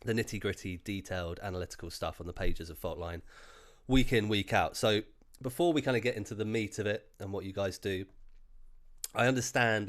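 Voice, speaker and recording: A man's voice: fairly low pitch, fairly quick. A man hosting a casual video interview, congested from a cold and sounding nasal, chatty and joking with lots of fillers. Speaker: podcast host and interviewer.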